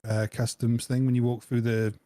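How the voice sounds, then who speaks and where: A man's voice: mid-range voice, level tone, moderate pace, warm tone, no echo. Joking man, dry close sound. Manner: jokey, laughs often, acts out voices in anecdotes. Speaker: podcast co-host. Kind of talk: casual chat.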